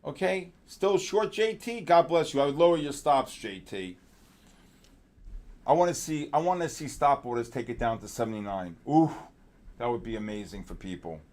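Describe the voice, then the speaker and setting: A man's voice: medium pitch, lively intonation, normal speed, darkish tone. Hyped man hosting a live trading stream. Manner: hyped, talks to chat viewers by name. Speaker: trading show host.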